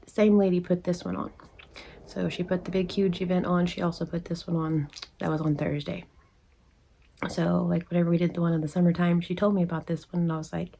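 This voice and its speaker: A woman's voice: little pitch movement, fairly quick, gravelly, warm tone. A woman telling a casual storytime to the camera, chatty and acting out the people she quotes. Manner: chatty, acts out quoted people with pitch jumps. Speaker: crochet vlogger. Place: indoors at home, rain outside.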